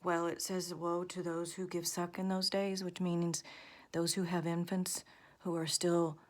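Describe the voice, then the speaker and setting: A woman's voice: fairly low pitch, little pitch movement, measured pace. A woman vlogger in her thirties or forties, earnestly delivering a religious warning, often half-whispering.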